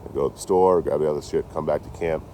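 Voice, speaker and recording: A man with a low, deep voice rattles off a story at a quick clip, swearing freely and acting out both sides of each conversation. He records on a phone outdoors, with a faint wash of outdoor ambience behind him. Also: slight background noise. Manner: rambling, profane, animated retelling with quoted dialogue. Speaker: vlogger. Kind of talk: casual storytelling vlog. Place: outdoors near trees and a road. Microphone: handheld phone.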